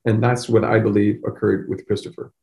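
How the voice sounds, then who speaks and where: A man's voice: lowish voice, little pitch movement, a little fast, gravelly, warm tone. A middle-aged man, a chiropractor, telling an emotional personal story in an earnest way, often repeating words as he goes. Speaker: chiropractor guest.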